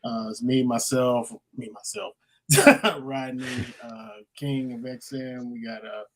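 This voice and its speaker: A man's voice: medium pitch, slow. A man appearing as a guest on a podcast, talking about his own show in a laid-back, casual way. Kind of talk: casual chat.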